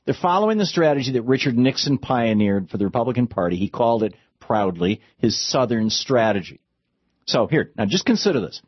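A man's voice: medium pitch, sing-song, brisk, breathy edge, no room sound. A man delivering a political commentary monologue, impassioned and with sarcastic asides. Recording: dull lo-fi dry recording.

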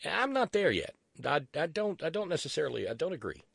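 A man's voice: a little high, sing-song, brisk, creaky, fairly bright tone, slightly rough, no echo, clean studio sound. A man hosting a political talk radio show, sarcastic and profane, who stumbles into restarts.

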